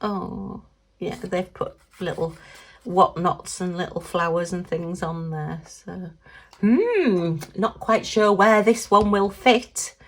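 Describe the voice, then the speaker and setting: A woman talking casually through an unboxing. She is chatty and quick to exclaim and giggle, and she talks to herself as she works. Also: fairly low pitch. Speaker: craft vlogger.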